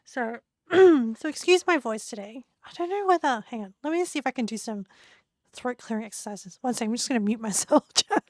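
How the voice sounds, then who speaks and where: A young woman streaming from home, talking casually to her chat with a hoarse, squeaky voice she says she is losing, rambling and laughing often. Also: expressive, a little fast, a little mellow, no room sound, clean studio sound. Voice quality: squeaky, creaky voice. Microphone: desk mic.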